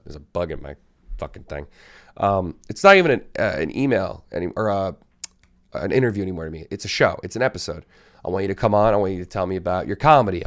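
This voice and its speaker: A podcast host with a hoarse, sore throat who talks in a half-whisper, rambling casually, swearing and repeating himself as he restarts sentences. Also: fairly low pitch. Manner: repeats words and restarts often. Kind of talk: solo podcast monologue.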